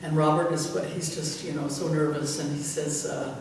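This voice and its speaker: A woman's voice: deep voice, level tone, normal speed. An older woman pastor telling church anecdotes in a rambling, chuckling way, full of fillers. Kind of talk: anecdotal storytelling in conversation. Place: church hall. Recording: echoey hall from far off with faint noise.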